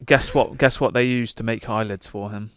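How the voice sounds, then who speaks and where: A young man co-hosting a casual podcast, telling jokes with a deadpan setup and swearing freely. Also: fairly low pitch, moderate pace, clear, resonant tone, no echo, studio quality. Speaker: podcast co-host. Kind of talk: casual banter.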